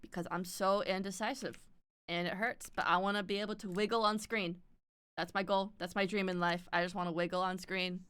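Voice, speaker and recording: A woman's voice: medium pitch, fairly even intonation, fairly quick, fairly bright tone, clear, resonant tone, dry recording. A woman streamer chatting casually while she draws, swearing often and laughing a lot.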